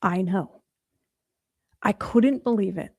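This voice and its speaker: A woman's voice: mid-range voice, dry recording. Dry, close-sounding woman telling a story. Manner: animated storyteller who speaks straight to viewers, with quick restarts. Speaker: motivational speaker and coach. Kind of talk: livestream teaching talk.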